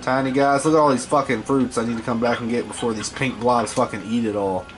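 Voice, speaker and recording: A man's voice: mid-range voice, steady tone, quick pace. A man giving profane, scolding commentary while playing a video game. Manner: foul-mouthed, scolding the game creatures. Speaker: gameplay host.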